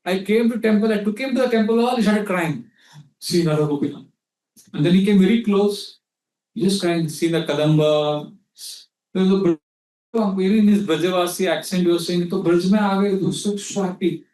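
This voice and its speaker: A man's voice: high-pitched, brisk, darkish tone. A man with an Indian accent giving a scriptural lecture, telling anecdotes and acting out quotes, mixing in Hindi. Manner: storytelling, mixes in Hindi, acts out quotes. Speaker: spiritual teacher. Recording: echoey hall, mic at a distance.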